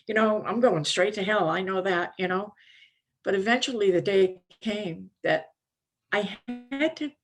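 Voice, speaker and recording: An older woman shares her personal testimony from a conference stage. She talks candidly and conversationally, often pausing on small fillers as she goes. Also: medium pitch. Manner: candid, conversational, many "you know" fillers. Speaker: recovery speaker at a conference.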